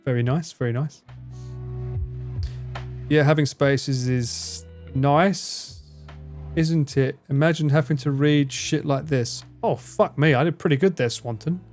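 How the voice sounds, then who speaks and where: A man's voice: fairly high pitch, measured pace, a little mellow, soft background music. A man in casual live-stream chat, rambling, swearing freely and laughing often as he answers his chat. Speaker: livestreamer.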